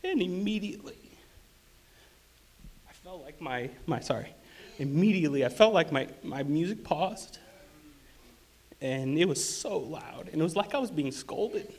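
A man giving a personal testimony in church, earnest and halting, with fillers and restarts. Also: fairly high pitch, expressive, a little mellow.

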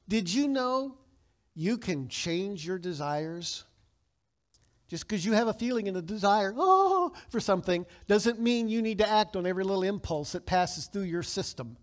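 Male pastor, high voice, conversational sermon with emphatic call-and-response bursts. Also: animated, moderate pace. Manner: conversational, with emphatic loud bursts when quoting scripture; leads the congregation in call-and-response.

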